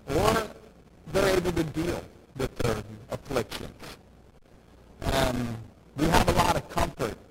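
Emphatic man preaching over loud noise. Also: on the high side. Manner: emphatic, repeats phrases for stress. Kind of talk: sermon.

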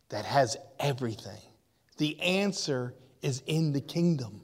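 A man's voice: mid-range voice, animated, a little slow, husky. A man preaching a sermon, addressing his congregation directly and rising to impassioned cries. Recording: long reverb of a large hall.

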